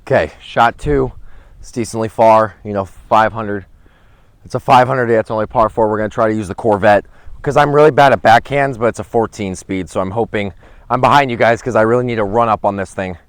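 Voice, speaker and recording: A man's voice: lowish voice, brisk, no room sound. Chatty man filming himself outdoors. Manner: chatty and rambling, with excited outbursts at throws. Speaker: vlogger. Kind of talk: casual commentary while playing. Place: outdoor disc golf course in a windy park. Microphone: handheld camera without a gimbal.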